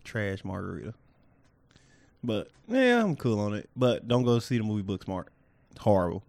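A man's voice: fairly low pitch, very animated, moderate pace, creaky, a little mellow, no echo. A man co-hosting a casual podcast, blunt and laid-back, trailing off into fillers. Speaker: podcast co-host. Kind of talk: casual chat.

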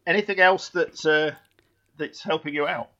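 Guy hosting, short jokey questions, kinda high voice, muffled lo-fi audio. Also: fairly even intonation, moderate pace, sharp tone. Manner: brief, jokey prompting questions. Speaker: host. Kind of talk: casual interview questions.

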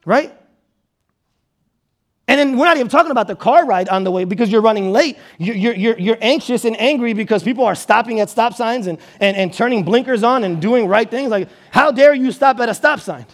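A man preaching a sermon in an animated way, acting out anxious inner voices and often repeating words. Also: very high voice, fast talker. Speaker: pastor.

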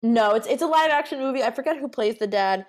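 A woman co-hosting a podcast in casual chat, animated and full of fillers and swearing. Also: a little high, fast talker. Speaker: podcast co-host.

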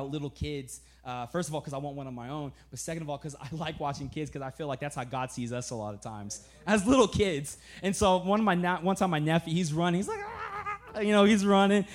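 A young man preaching a sermon in a casual, animated storytelling way, often laughing, then dropping to a soft, slow, earnest tone. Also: a little high.

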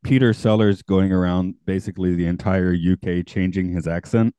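Laid-back low-voiced podcast host, dry mic. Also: male voice, fairly even intonation, normal speed, dark tone, clear, resonant tone, no room sound. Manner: chatty, laughs often. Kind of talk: casual chat.

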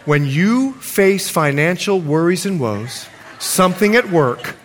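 Lively high-voiced male pastor. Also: slow pace, slight background noise. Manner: animated, playful, coaxing the audience. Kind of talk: sermon. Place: church sanctuary. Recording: long hall reverb, congregation audible. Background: congregation.

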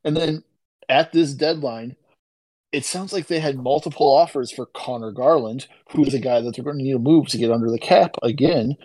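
A man's voice: mid-range voice, normal speed, darkish tone, no room sound, rough recording. A man co-hosting a sports podcast, talking in an exasperated, incredulous tone. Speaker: podcast co-host. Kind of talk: casual chat.

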